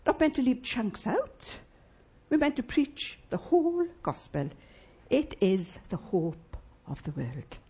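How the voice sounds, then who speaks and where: Woman pastor, husky, lively, emphatic sermon delivery with rhetorical questions. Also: on the high side, slow. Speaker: preacher. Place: church.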